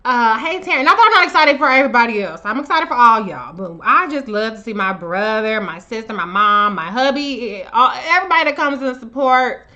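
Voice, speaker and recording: A woman chats casually on her own live stream, calling out viewers by name. Her voice sits a little high and comes across bright and sharp. She talks bluntly, swears freely and stays animated. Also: a little fast, hardly any pauses, highs cut off. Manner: profane and blunt. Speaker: livestream host. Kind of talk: casual livestream chat. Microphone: own camera on a live stream.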